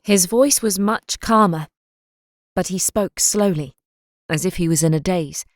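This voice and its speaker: A woman narrating an audiobook with steady, restrained storytelling. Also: fairly low pitch, measured pace, no echo, clean studio sound. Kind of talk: scripted narration.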